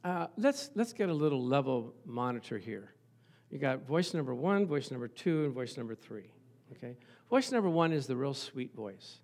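A man preaching a sermon, telling lively stories and acting out the voices of the people in them. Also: mid-range voice, moderate pace. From Italian family background. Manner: animated storytelling, acts out voices. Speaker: pastor.

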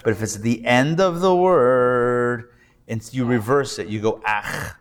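A man's voice: mid-range voice, unhurried. A man, a rabbi, teaching a live Hebrew reading class, patiently repeating and spelling out words with casual asides.

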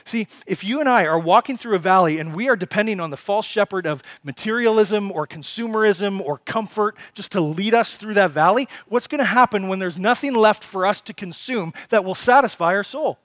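A man preaching a sermon to a congregation, emphatic, with rhetorical questions and swings between loud passages and hushed ones. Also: sits high, animated, a little fast, few pauses, no echo, studio quality. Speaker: pastor.

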